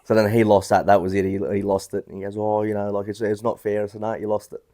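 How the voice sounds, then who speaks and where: Man, podcast guest, relaxed and rambling, slightly low register. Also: fast talker. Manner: laid-back, rambling with many restarts. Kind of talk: casual chat.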